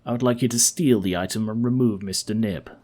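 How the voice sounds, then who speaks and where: A man voicing a greedy, scheming male partner on a dig, speaking low and conspiratorially. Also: brisk, a little mellow, natural voice.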